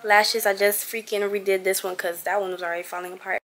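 A woman's voice: mid-range voice, level tone, fast talker, a bit bright, a little hiss or hum. A teenage girl chatting casually to her vlog audience, rambling with fillers while her family gets ready. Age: teens. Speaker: vlogger.

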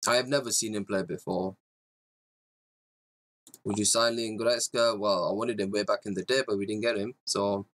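A man's voice: fairly low pitch, fairly even intonation, quick pace, hardly any pauses, a bit bright. A man hosting a fan livestream, ranting bluntly and profanely while reading viewer comments. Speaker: fan channel host.

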